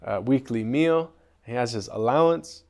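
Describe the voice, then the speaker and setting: A man teaching at a spiritual retreat, relaxed and conversational, often checking in with his listeners. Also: mid-range voice, moderate pace. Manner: relaxed, conversational, asks the group questions. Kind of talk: storytelling lesson on a classic poem.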